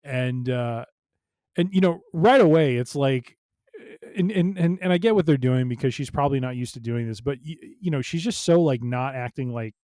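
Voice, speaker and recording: Smooth-voiced man recapping on a podcast. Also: medium pitch, moderate pace, darkish tone, no room sound, studio quality. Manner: recapping with fillers, playful. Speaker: podcast co-host. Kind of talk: casual chat.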